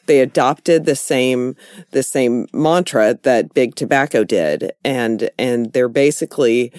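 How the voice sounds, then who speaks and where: A woman's voice: slow pace, darkish tone, dry recording, clean studio sound. A woman co-hosting a casual chat, talking passionately and often stumbling over her words as she gets worked up. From Texas. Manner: passionate, rising pitch when worked up.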